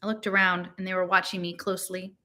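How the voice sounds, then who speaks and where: A woman reading a novel aloud in a casual voice, slowing down when she reads out long strings of numbers. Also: on the low side, little pitch movement, bright, forceful tone. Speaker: reader.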